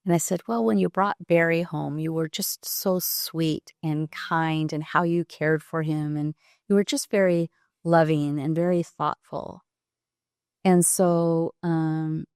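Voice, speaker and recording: A woman in her sixties, a podcast guest, telling a personal story in a halting, reflective way with pauses and restarts. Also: low-pitched, a little mellow, no room sound, studio quality.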